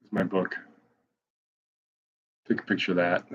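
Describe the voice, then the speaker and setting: Brief: man, 40s, low husky voice, rambling live-stream reader, self-mocking humor, dull lo-fi audio. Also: moderate pace, long pauses. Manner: wry, self-mocking, off-the-cuff. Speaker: blogger reading his posts on a live stream.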